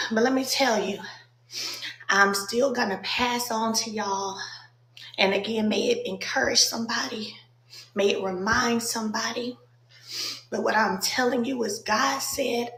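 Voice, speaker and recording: A woman sharing a personal testimony with her followers, speaking slowly and earnestly, with many pauses and fillers, emotional and holding back tears. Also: mid-range voice, fairly bright tone, echoey room, rough recording. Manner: slow, halting, earnest, many pauses and ums. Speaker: faith vlogger.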